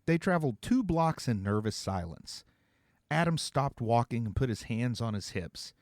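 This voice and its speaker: Man, author narrating his novel, animated delivery, dry close sound. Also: mid-range voice, normal speed, no echo. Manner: expressive storytelling, voicing several characters. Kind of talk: scripted narration.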